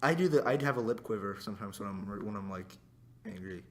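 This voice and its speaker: A teenage young man co-hosting a casual chat, talking in halting, hesitant bits with self-mocking laughs. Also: lowish voice, lively intonation. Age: teens. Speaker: co-host.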